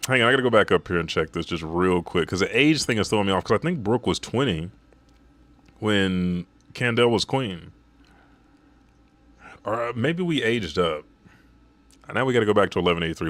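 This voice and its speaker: Guy recapping manga chapter, swears a lot, rambles, low voice, dry close mic. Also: fairly bright tone, no room sound. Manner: casual, profane, rambling asides. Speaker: manga summary youtuber. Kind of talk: casual live reaction summary.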